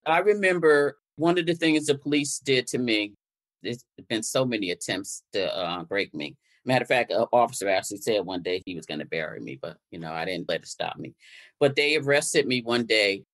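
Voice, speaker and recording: An older Connecticut woman, an activist appearing as a guest, recounts her story in conversation with an extremely low, animated voice at a moderate pace. She acts out the exchanges she quotes as she goes.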